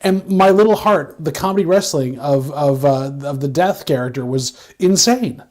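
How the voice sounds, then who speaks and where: A man with a fairly high voice co-hosts a casual recap chat. He rambles in an animated way, stumbling and restarting his sentences. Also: normal speed. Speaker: podcast co-host.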